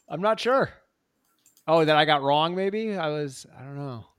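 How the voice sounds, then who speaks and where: A man's voice: fairly high pitch, animated, unhurried, a bit bright, smooth. A man co-hosting a podcast in casual chat, laid-back and rambling with lots of fillers. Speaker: podcast co-host.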